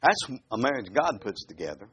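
A man preaching a sermon. He reads scripture aloud slowly, breaks into folksy asides, and keeps asking his listeners questions. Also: mid-range voice, breathy edge. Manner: animated, asks the listeners questions.

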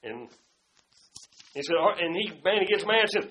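A man preaching a sermon, his delivery swinging between loud, fervent outbursts and hushed asides. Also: high voice, animated, normal speed, pauses often, echoey room. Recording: dull lo-fi sound.

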